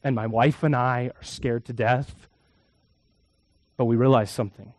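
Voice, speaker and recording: A man preaching a sermon as a pastor, telling a story and shifting from hushed, quiet moments to loud, emphatic ones. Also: medium pitch, steady tone, measured pace, no echo.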